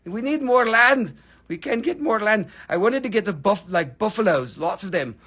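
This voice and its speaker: High-voiced joking man on a live sale. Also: very animated, normal speed, slightly rough. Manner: joking, playful, chatty with viewers. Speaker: host of a live rock and mineral sale. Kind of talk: casual live-stream chat.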